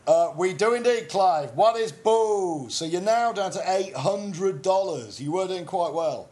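A man's voice: high voice, animated, unhurried, darkish tone. A man hosting a comic improvised quiz bit on a podcast, bumbling and hesitant. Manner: bumbling, hesitant, often laughing. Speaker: podcast co-host playing quiz host.

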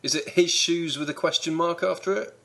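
A man's voice: fairly high pitch, fairly even intonation, fairly quick, vocal fry, a bit bright. A man as a contestant in a comic podcast bit, dry and exasperated in his questions.

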